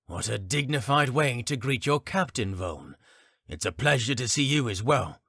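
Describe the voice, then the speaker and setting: A man voicing a composed, polite male captain in an audiobook, talking in a measured, restrained way. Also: medium pitch, expressive, a bit bright, breathy edge, dry recording, voice pushed up.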